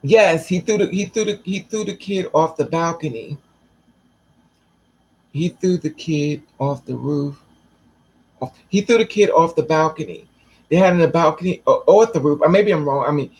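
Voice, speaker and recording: A woman telling a personal story to camera in a blunt, profane, animated way. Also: sits low, normal speed, breathy edge, poor audio. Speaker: vlogger.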